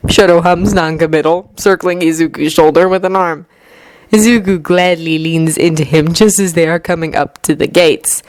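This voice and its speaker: A woman narrating a fan fiction story aloud, with expressive delivery and clearly varied voices. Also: on the low side, normal speed, no room sound. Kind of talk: fan fiction audiobook reading.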